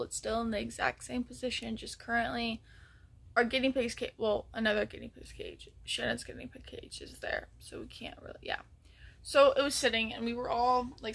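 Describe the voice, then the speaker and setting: Bright sharp-voiced woman vlogging, rambly storyteller, um-heavy, slips into whispers. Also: a little high, gravelly. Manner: rambling, full of ums and restarts, drops to a near whisper at times. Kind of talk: casual storytelling.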